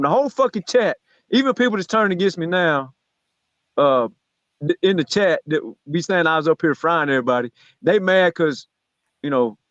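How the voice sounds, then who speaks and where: A man hosting a podcast, ranting about basketball in a loud, profane, mocking way, repeating himself often. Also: high voice, no echo, muffled recording. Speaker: podcast host. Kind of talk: heated podcast sports talk.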